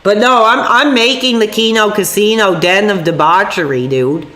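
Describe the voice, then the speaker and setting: A woman's voice: medium pitch, normal speed, a bit bright. A woman streamer, sick with a sore voice, ranting angrily and profanely to her chat. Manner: angry, profane, rambling. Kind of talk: livestream rant to chat. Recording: echoey room with faint music.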